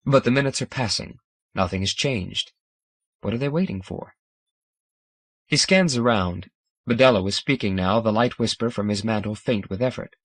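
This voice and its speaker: Man reading a scifi audiobook, dramatic measured delivery, close dry mic. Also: lowish voice, a bit bright, dry recording. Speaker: audiobook narrator. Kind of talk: scripted narration.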